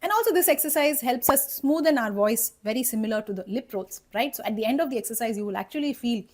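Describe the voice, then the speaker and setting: A woman's voice: fairly high pitch, lively intonation, fast talker. A woman voice coach explaining singing exercises step by step, often checking in with "okay?" and "right?". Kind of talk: instructional singing lesson.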